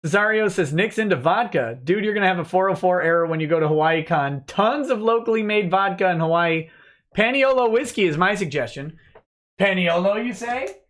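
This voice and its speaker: A man with a fairly high voice hosts a laid-back livestream at his desk mic. He reads viewer comments aloud in a chatty, offhand way and tosses quick replies back. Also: animated, fairly bright tone. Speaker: livestream host reading chat. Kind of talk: relaxed live-stream chat.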